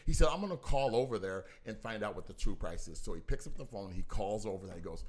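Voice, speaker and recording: A man telling a personal story in casual talk, talking forcefully and acting out both sides of an argument. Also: lowish voice, fast, slight background noise. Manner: animated, acts out both sides of a dispute; talks forcefully.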